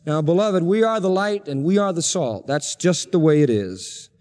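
A male pastor preaching in a high, ringing voice, hammering each point home through repetition. His words trail off into a long, echoing reverb, the way a sanctuary sounds. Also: lively intonation, moderate pace, a little mellow. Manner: emphatic, repeats phrases for stress. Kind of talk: sermon.

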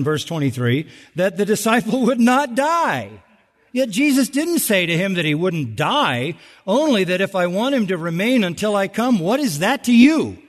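A man preaching a sermon in a large church hall, with a somewhat high voice. He talks animatedly, jumping up in pitch to act out voices and landing lines with sarcasm. The sound carries a long hall reverb. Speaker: pastor.

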